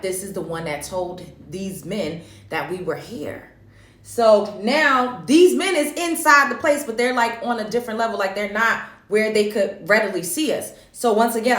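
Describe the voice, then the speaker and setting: A woman, hosting her show and telling a dream story in a chatty, animated way. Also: medium pitch. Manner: animated, chatty, lots of fillers. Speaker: show host. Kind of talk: casual storytelling about a dream. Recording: echoey room.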